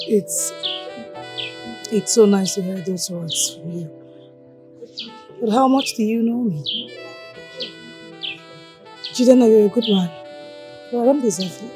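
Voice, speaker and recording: Woman as hesitant young woman, hushed and mellow. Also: medium pitch, slow, pauses often, soft background music, lightly acted. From Nigeria. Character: guarded young woman hiding her flaws.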